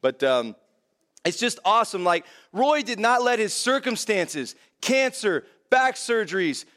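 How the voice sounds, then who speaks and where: A man's voice: sits high, big pitch swings, unhurried, a bit bright. A young man preaching a casual verse-by-verse sermon, talking conversationally and filling with "man" and "like". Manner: conversational, many fillers like "man" and "like". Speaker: pastor.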